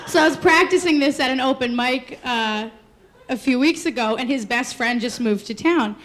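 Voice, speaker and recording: A woman telling a funny personal story on stage, animated and laughing as she talks. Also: high voice, moderate pace. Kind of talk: live comedic storytelling. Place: stage before a live audience. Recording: live room with crowd laughter and noise.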